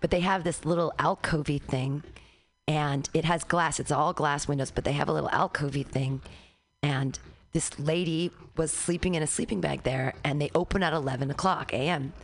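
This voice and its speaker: A woman comedian in casual chat, telling neighborhood stories and acting out loud shouted quotes with laughter. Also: sits low, steady tone, normal speed, a little hiss or hum. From San Francisco area.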